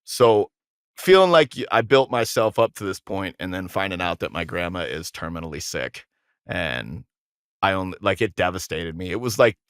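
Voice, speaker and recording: Low-voiced man telling rambling stories. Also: moderate pace, smooth, no room sound, studio quality. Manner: rambling, animated storyteller acting out quotes, frequent restarts. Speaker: podcast guest, musician. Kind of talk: casual storytelling interview.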